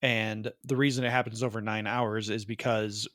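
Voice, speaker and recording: A man co-hosting a podcast, rambling through a movie plot with quick asides and laughs. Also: lowish voice, level tone, fairly bright tone, dry recording, studio quality. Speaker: podcast co-host. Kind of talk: casual movie review chat.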